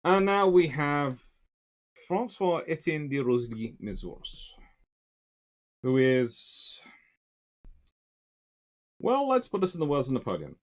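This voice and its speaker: Brief: history lecturer, man, lively swooping delivery, conversational and emphatic. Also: fairly high pitch, slow pace, long pauses. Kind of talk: casual spoken history lecture.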